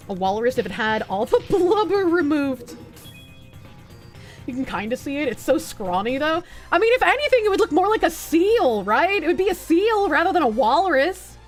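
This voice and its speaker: A young woman streaming a game, chatting casually and swearing as she jokes with her chat. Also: sits high. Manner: animated, swearing, joking with chat, frequent laughs.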